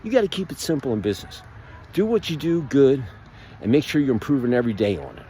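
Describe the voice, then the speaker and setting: A middle-aged man talks through a casual motivational vlog, rambling and upbeat, full of fillers and restarts. His voice is mellow and relaxed at an ordinary middle pitch. Faint car and road noise sits in the background, as if he is recording from a vehicle. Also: fast talker. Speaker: marketing vlogger.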